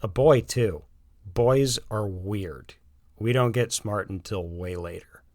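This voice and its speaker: A man's voice: fairly low pitch, slow, darkish tone, dry recording, clean studio sound. A man doing a joking, playful suburban dad. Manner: playful, teasing.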